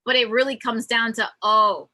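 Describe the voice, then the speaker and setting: Bright-voiced woman chatting about spirituality, earnest and animated, kinda high. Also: moderate pace, poor audio. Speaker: host. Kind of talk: casual spiritual chat.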